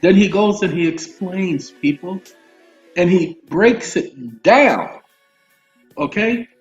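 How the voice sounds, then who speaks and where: A man walks his listeners through legal definitions, stopping to check in and drifting into lively asides. His voice sits fairly high for a man. The recording is roomy and a little dull, with faint music underneath. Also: slow. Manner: animated, addresses listeners as y'all, breaks off into asides. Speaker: legal commentary host. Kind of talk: casual talk reading and explaining legal text.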